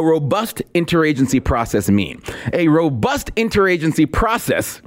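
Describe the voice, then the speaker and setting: A sarcastic male podcast host delivering political commentary. His pitch sits a bit high and swings widely as he hammers points home by repeating them. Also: sing-song, moderate pace. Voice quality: sarcastic, repetitive emphasis.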